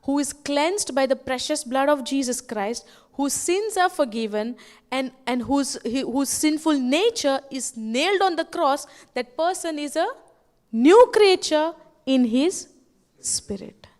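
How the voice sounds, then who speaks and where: Woman preacher, very high voice, questioning style, slow stressed scripture quotes. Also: animated, darkish tone. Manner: asks the crowd questions over and over. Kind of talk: sermon at a retreat. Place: retreat hall.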